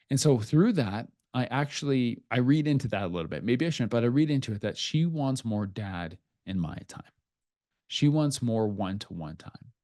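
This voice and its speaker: A middle-aged man talks to his podcast listeners in an earnest, confessional tone. His voice is warm and mellow, and it drops quiet when he gets emotional. The recording is close and dry, with no room sound. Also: medium pitch, no echo. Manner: earnest, confessional, speaks softly at emotional moments. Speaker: podcast host. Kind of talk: reflective personal podcast monologue.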